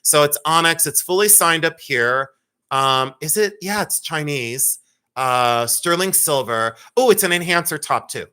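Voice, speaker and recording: A man's voice: a little high, animated, measured pace, pushed and bright, clear, resonant tone. A man in his fifties hosting a live jewelry sale, chatting and telling rambling stories to his viewers. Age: 50s. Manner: chatty, rambling storyteller addressing viewers by name. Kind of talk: casual live-stream chat and storytelling.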